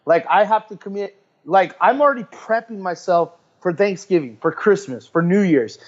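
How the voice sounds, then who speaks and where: A man talking as a guest on a podcast about coaching clients, in an animated, rambling way that often repeats words. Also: sits high, moderate pace, highs cut off. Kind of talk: casual interview chat.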